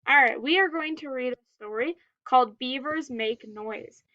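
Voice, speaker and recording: A woman teaching a phonics lesson to young children, giving slow and carefully enunciated word prompts. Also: high-pitched, sharp tone, dull audio.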